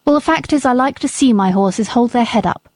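A woman's voice: fairly high pitch, a little fast, a little mellow, no echo, lightly acted. A woman voicing a breezy military captain in an audiobook, talking in an offhand, casual way. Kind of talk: audiobook character reading.

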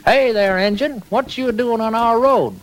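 A man voicing a friendly, eager little country boy in a high, folksy voice for an old radio story. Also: a little slow. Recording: crackly old radio transcription.

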